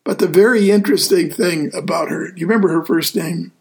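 Gravelly, easygoing male deacon host. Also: sits high. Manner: easygoing, earnest, pauses often with "uh". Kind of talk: casual radio show chat.

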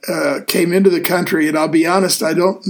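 A man hosting a casual talk show as a deacon, speaking in an earnest, easygoing way with frequent pauses. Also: fairly high pitch, fairly even intonation. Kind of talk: casual radio show chat.

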